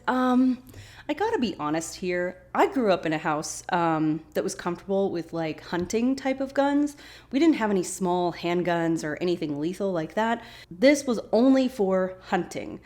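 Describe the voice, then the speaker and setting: A woman's voice: on the low side, lively intonation, moderate pace, darkish tone. A woman hosting a podcast who chattily recaps a TV episode and acts out the characters' lines. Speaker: podcast host.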